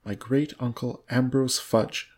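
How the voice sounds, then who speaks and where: Man reading as a vague, proud gentleman host. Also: medium pitch, steady tone, slow pace, husky. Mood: offhand. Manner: airy, offhand.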